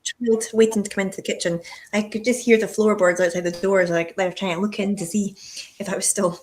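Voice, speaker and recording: A woman's voice: mid-range voice, fairly even intonation, brisk, darkish tone, a little hiss or hum. A Scottish woman co-hosting a casual live-stream chat from her home kitchen, chatty and sweary. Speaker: whisky shop co-host.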